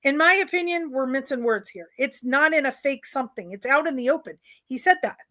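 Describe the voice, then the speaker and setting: A woman's voice: high-pitched, animated, brisk, sharp tone, dry recording. A woman co-hosting a casual chat, eager and analytical, acting out quotes with animation. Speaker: co-host.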